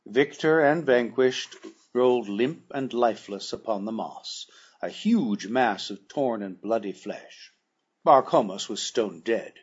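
A male narrator reads a classic adventure story in a measured, formal way, his voice mid-pitched and noticeably husky. The recording is dull and lo-fi, with the top end rolled off. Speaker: audiobook narrator.

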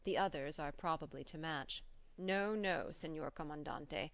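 A woman's voice: low-pitched, moderate pace, creaky, no room sound, dull audio. Woman reading as a wry polite doctor. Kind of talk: audiobook character reading.

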